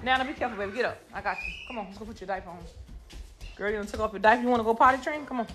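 Loud scolding mother on a phone live stream. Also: fairly high pitch, rapid-fire, heavy background noise. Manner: scolding children, loud and blunt. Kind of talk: casual live stream chat. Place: busy family home indoors. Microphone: phone camera.

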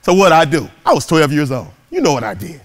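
A male motivational speaker telling a story with great drama. His voice swings widely, rising high for punchlines and dropping to a hush for suspense. The delivery is animated and preacher-like. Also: fast. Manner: animated, dramatic, shifting from loud to hushed.

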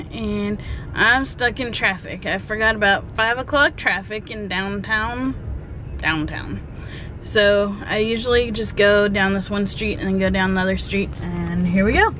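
A woman's voice: mid-range voice, normal speed, fairly bright tone, a little hiss or hum. A woman chatting casually in a vlog, bubbly and giggly, with sing-song asides while driving. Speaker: vlogger. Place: in a car, driving.

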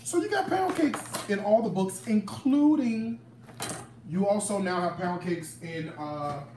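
A man's voice: high-pitched, lively intonation, unhurried, darkish tone, far from the mic, slight background noise. A man hosting a casual cooking demonstration, chatting to viewers with lots of exclamations as he shows off his cookbook recipes. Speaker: cooking show host and cookbook author. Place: kitchen. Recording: echoey room.

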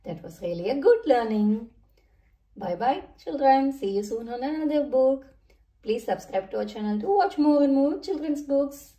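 A woman reading a children's picture book aloud in a slow, sing-song storytelling manner. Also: high-pitched, lively intonation, warm tone. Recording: echoey room, mic far off.

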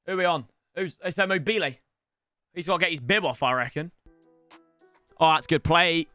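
A young man giving casual, excitable gameplay commentary, swearing and breaking into shouts. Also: a little high, moderate pace, long pauses, smooth, dry recording. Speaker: gaming YouTuber. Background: faint game music.

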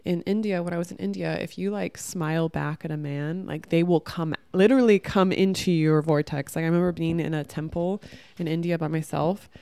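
A woman's voice: on the low side, steady tone, a little fast, gravelly, mellow, clean tone, no echo. A woman vlogger talking candidly to her camera in a rambling, reflective way, filling her sentences with "like". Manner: rambling, heavy use of "like". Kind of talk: casual spiritual monologue to camera.

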